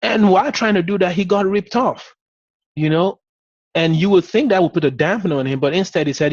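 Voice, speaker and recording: A business coach talks his listeners through a motivational message in an easygoing, encouraging way, filling pauses with "you know". His voice sits a bit high for a man. The sound is close and dry, but slightly muffled and dull. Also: no echo. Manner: conversational and encouraging, many "you know" fillers. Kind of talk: motivational talk to an audience.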